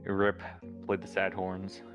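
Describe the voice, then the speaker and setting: A man's voice: sits low, monotone, slow pace, music in the background. A man co-hosting a game stream, cracking jokes in casual banter. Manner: wisecracking. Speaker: co-host.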